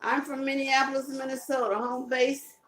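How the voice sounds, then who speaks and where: A woman's voice: high voice, flat delivery, normal speed, a bit bright, reverberant, low-quality recording. A woman with a Southern US accent, hosting a casual live stream, chatting, laughing and reading out viewer comments. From Carolinas, US South. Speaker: live-stream host promoting a music tour.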